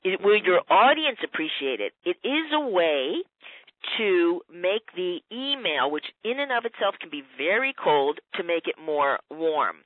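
A woman's voice: lowish voice, sing-song, measured pace, no room sound. Instructive woman on a tinny phone line. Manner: instructive, methodical, with fillers. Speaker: speech coach guest. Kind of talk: advice on a radio interview.

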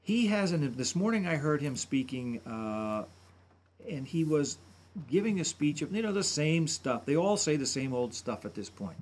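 A man's voice: fairly high pitch, sing-song, normal speed, a little mellow. A man commenting on a radio talk show, analyzing politicians' speaking styles in detail. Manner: analytical, imitates speech patterns. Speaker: voice and speech commentator.

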